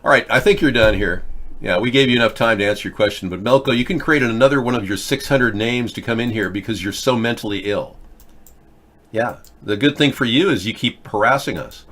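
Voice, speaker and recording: Here is a man in his fifties, hosting a political talk show with an ordinary middle-pitched voice. He rambles, stops and restarts often, and fills his pauses with hesitations. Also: a bit bright. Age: 50s. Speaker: host. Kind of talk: casual political commentary.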